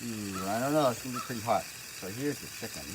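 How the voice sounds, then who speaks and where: An older woman hosting a cooking show, calmly talking through each step at the stove. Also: rumbling low, heavy background noise. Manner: unhurried, step-by-step instructions while cooking. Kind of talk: cooking demonstration. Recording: loud sizzling wok under the voice. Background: frying and sizzling food.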